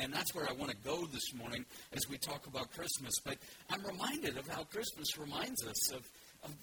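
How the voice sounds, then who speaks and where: Conversational pastor, slightly high voice. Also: male voice. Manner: conversational, with frequent restarts and asides. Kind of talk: sermon. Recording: loud background noise.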